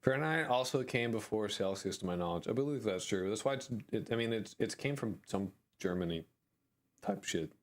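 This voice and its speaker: A man's voice: on the low side, lively intonation, brisk. An American man chatting on a live stream, rambling and jokey, with crude language. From United States. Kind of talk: casual live-stream chat.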